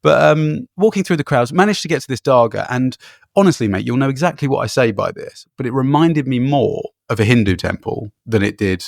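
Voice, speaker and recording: Gravelly-voiced man telling travel stories. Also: mid-range voice, animated, brisk, hardly any pauses, no room sound, studio quality. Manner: rambling anecdotes with frequent fillers and laughs. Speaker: podcast co-host. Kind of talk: casual travel storytelling.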